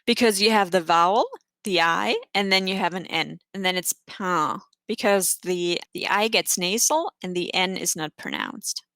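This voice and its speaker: A woman's voice: fairly low pitch, normal speed, fairly bright tone, no echo. Woman teacher walking thru french pronunciation rules, patient, spells stuff out, dry close sound. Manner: patient, explanatory, spells words out. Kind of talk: online class lesson.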